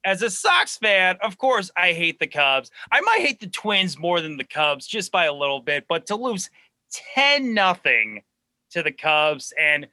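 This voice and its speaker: A man, a guest on a sports chat show, talking fast and excitedly as a diehard fan, often restarting his words. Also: high voice, no room sound. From Chicago suburbs.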